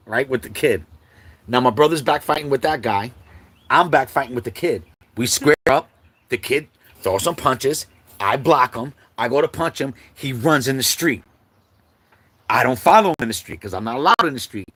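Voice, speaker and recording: A man hosting a livestream, telling a childhood story in a casual, animated way and acting out the quotes, with many asides to the listeners. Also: mid-range voice, breathy edge, no room sound. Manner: animated storyteller, acts out quotes, many "you know what I'm saying" asides. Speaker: host. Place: livestream setup.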